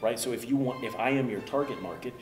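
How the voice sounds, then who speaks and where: A man's voice: medium pitch, quick pace. An older man, a business professor, explaining ideas in a jovial, self-deprecating conversational way, tagging sentences with "right?". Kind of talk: conversational teaching. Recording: echoey room with music behind.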